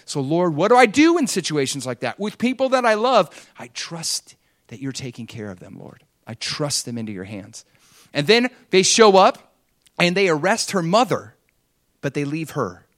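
A man's voice: fairly high pitch, very animated, moderate pace, fairly bright tone, dry recording, clean studio sound. A man preaching an earnest, conversational sermon, retelling a story and acting out the quotes.

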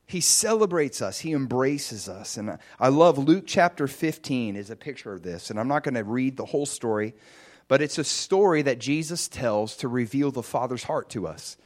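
A man preaching a sermon, lively and animated as he tells a dream story, with casual fillers. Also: medium pitch, moderate pace.

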